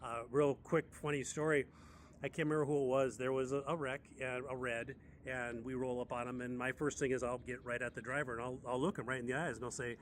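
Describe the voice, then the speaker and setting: American man, 60s, medic, chatty animated storyteller, middle pitch, faint background noise. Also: fairly quick. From United States. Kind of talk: casual storytelling.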